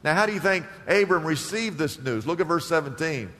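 Animated preacher man in a reverberant hall. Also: on the high side, brisk. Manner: animated, acts out voices of the Bible figures. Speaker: pastor. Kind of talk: sermon.

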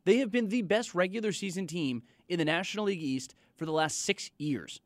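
A man's voice: high-pitched, fairly quick, no room sound. A man co-hosting sports radio, arguing his point in an emphatic, insistent way. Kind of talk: call-in radio talk.

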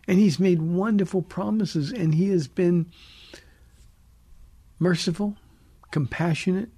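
A male pastor hosting a radio call-in show, answering listeners with earnest, preacherly emphasis. His voice is gravelly and a little husky, with a mellow, darkish tone. The studio sound is dry and close. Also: a little high, no room sound. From United States. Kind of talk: radio call-in Bible teaching.

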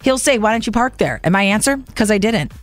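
A woman's voice: medium pitch, lively intonation, quick pace, no echo, faint music behind. A middle-aged woman co-hosting a casual radio chat, chatty and agreeable, with playful complaints. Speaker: radio co-host.

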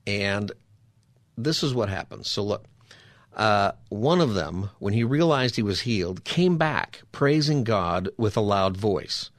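Hosting a show, this man delivers a relaxed, chatty Bible teaching at a measured pace, his fairly low voice staying expressive throughout. He keeps turning to the listener with rhetorical asides like "right?" and "you know?" as he unpacks scripture. The audio has studio quality and no room sound.

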